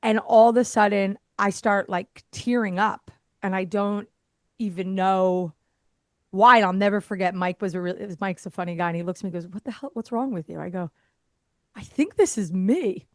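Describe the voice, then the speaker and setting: As a podcast guest, a woman who works as an airway therapist tells a casual story, laughing frequently and animatedly acting out what others said. Her mid-range voice moves at a normal speed, with no echo.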